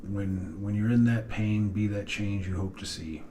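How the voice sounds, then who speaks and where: A middle-aged man with a low voice talks straight to his daughters in a heartfelt personal video message. He speaks earnestly and haltingly, often pausing and sighing. A faint hiss of noise runs underneath. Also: fairly even intonation, mellow. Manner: earnest, halting, with long pauses and sighs. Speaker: father addressing his daughters.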